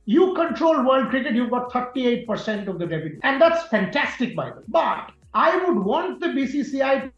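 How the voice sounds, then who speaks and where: A man's voice: very high voice, big pitch swings, normal speed, hardly any pauses. A man answers interview questions with firm, emphatic conviction and hammers home key words by repeating them. His voice sits in a reverberant room. The sound is a little muffled, with faint music underneath. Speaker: sports journalist guest.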